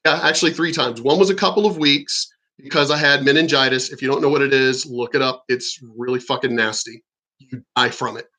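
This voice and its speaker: A man's voice: mid-range voice, pushed and bright. A man from Virginia ranting in a casual vlog monologue, rambling and swearing heatedly. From Virginia, USA. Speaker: vlogger.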